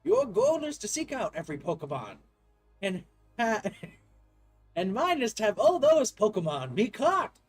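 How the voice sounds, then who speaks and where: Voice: medium pitch, sing-song, a little slow, faint music behind, voice pushed up. A player reads game dialogue aloud in a put-on voice as a genteel, chatty male professor with polite old-fashioned phrasing. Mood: enthusiastic. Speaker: gaming video creator.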